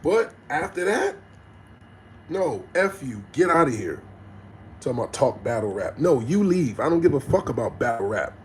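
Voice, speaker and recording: Guy ranting on his livestream, middle-aged, loud and blunt, cusses a lot. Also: mid-range voice, sing-song, normal speed, a little hiss or hum, poor audio. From New Jersey. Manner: passionate and aggressive, blunt and profane. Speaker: livestream host talking to viewers. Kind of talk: unscripted livestream rant.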